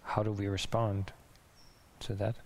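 A man preaching a sermon in a conversational, musing way, restarting thoughts and now and then laughing softly. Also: on the low side, little pitch movement, unhurried. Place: church in Denmark.

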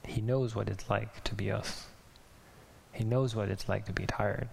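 A man's voice: fairly low pitch, steady tone, measured pace, vocal fry. A man preaching a casual, chatty sermon who laughs often, with a faint hiss on the recording. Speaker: pastor.

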